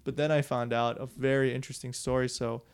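Young dude with a gravelly voice rambling through a story, cussing and laughing a lot. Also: male voice, medium pitch, little pitch movement, quick pace. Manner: loose, profane, laughs often. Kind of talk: casual storytelling chat.

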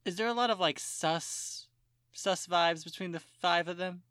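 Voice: mid-range voice, normal speed, fairly bright tone, no echo, clean studio sound. A podcast co-host in casual chat who reads out a synopsis with joking, sarcastic asides.

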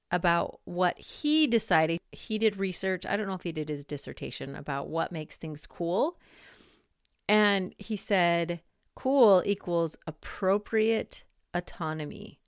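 A woman in her forties talks casually into a close microphone for her podcast, rambling with plenty of "like" and "um". Her voice sits a little low and sounds smooth and clear. The room is dry, with no echo. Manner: chatty, rambling, lots of "like" and "um". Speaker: podcast host. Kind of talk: casual monologue.

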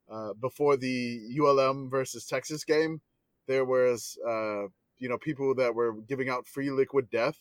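A man's voice: mid-range voice, no room sound. A man co-hosting a casual comedy podcast, rambling with restarts and laughing often. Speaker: podcast co-host.

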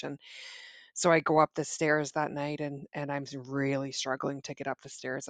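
Woman telling her story, lots of fry, stops and restarts, dry close sound. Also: low-pitched, no echo. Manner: halting, frequent restarts and fillers. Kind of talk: personal storytelling.

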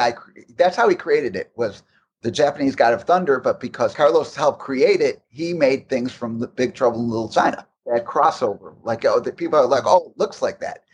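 A man recounts behind-the-scenes stories in a loose, rambling way, restarting sentences as he goes. His voice sits at an ordinary middle pitch, with a faint background hum behind him. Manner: rambling, restarts often, animated anecdotes. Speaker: guest recalling game development. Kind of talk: casual interview storytelling.

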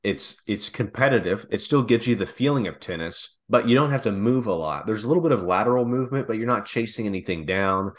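A man's voice: lowish voice, lively intonation, a little fast, hardly any pauses. A man co-hosting a casual comedic chat, rambling into long joking hypotheticals. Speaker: podcast co-host.

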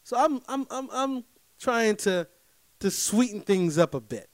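A man telling a personal story to his listeners in a casual, animated way. He is emphatic, keeps checking in with his audience, and swings between loud bursts and low asides. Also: measured pace, no echo.

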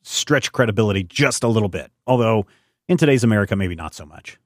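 A man's voice: lowish voice, quick pace, no echo. Rambling man on a dry mic. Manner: rambling, self-correcting, animated. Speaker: podcast co-host. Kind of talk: casual review chat.

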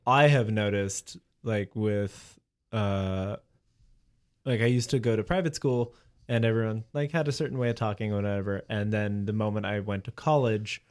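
A man co-hosting a podcast in casual chat, rambling and animated, laughing as he talks. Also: lowish voice, normal speed, clean tone.

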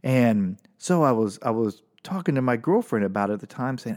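A man doing stand-up comedy, telling a personal story with animated, exaggerated delivery and sudden jumps up for punchlines. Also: mid-range voice, a little fast, hardly any pauses.

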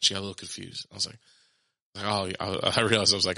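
A man's voice: deep voice, quick pace, gravelly, long pauses, no echo. A man in his thirties telling a family story in casual chat, acting out quotes and laughing often. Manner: animated, laughing, acts out quotes.

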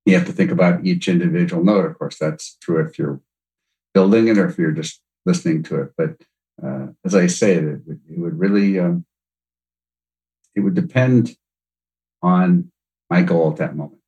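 A man's voice: low-pitched, moderate pace, long pauses, warm tone, rough recording. A man, a podcast guest, speaking thoughtfully with many hesitations. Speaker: podcast guest, music producer. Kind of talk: casual interview chat.

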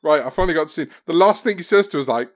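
A man's voice: fairly high pitch, lively intonation, racing. A man co-hosting a casual film podcast, joking and teasing. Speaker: podcast co-host.

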